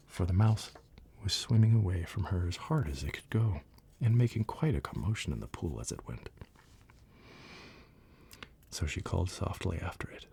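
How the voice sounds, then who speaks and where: A man reading a bedtime story aloud in a hushed, slow whispered role-play. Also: low voice, animated, vocal fry, breathy edge. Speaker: ASMR storyteller.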